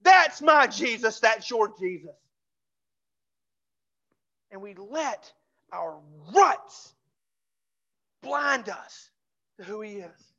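A pastor preaching a sermon in a church, fervent and repeating phrases for emphasis, dropping to a hush for closing pleas. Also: mid-range voice, expressive, slow, long pauses, lo-fi sound. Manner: drops to a hushed voice for closing pleas. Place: church sanctuary.

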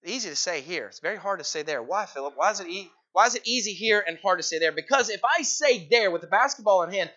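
A man with a high, bright voice preaches a sermon in a church hall, talking casually and quizzing his listeners by name. The recording sounds a little dull and lo-fi. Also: lively intonation, fast, hardly any pauses. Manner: conversational, teasing the congregation with questions.

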